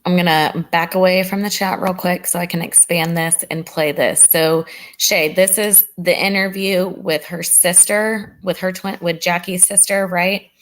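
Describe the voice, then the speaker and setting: A woman chats casually as she hosts a true crime livestream from her computer. Her voice sits a little low, and she talks to her chat in a loose, friendly way, saying "y'all" often. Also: fairly even intonation, a little slow. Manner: chatty, warm toward chat, says "y'all" often.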